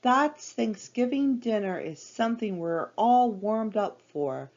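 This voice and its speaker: Gentle toy bear from a storybook, soft and slow, read by a woman, dull recording. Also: a little high, expressive, pitched above the performer's own voice.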